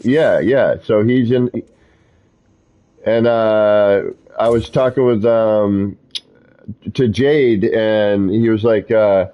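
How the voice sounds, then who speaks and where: A man's voice: on the low side, fairly even intonation, slow, pauses often, highs cut off. A man streaming a video game, chatting in a rambling way with players who join him in voice chat. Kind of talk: casual live-stream chat while gaming.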